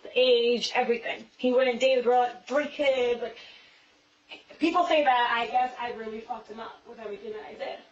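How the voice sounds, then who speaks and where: A woman with a fairly high voice rattles off a story in quick, profane bursts, repeating herself as she vents. She sounds far from the mic in a bare, echoing room. The hidden-camera audio is muffled and dull. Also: steady tone. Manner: rapid, profane, repetitive venting. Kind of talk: casual storytelling. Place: police interview room.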